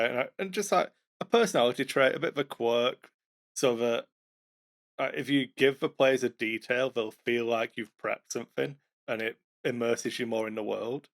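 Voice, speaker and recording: A man's voice: mid-range voice, moderate pace, creaky. A man co-hosting a podcast, chatting casually about running tabletop games, self-mocking, with fillers and false starts. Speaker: podcast co-host, game master.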